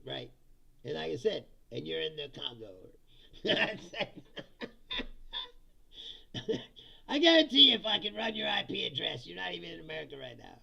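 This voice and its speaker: A man's voice: fairly high pitch, sing-song, normal speed, creaky, pauses often, bright, forceful tone. A man hosting a live comedy stream on politics, reading chat and mocking commenters with profane jokes and frequent laughter. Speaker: host. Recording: dull lo-fi sound.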